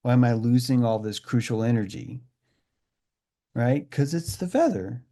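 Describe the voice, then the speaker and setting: A man's voice: mid-range voice, expressive, normal speed, warm tone. A man in a casual group discussion, talking intensely with lots of swearing and acting out quoted voices. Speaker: discussion participant.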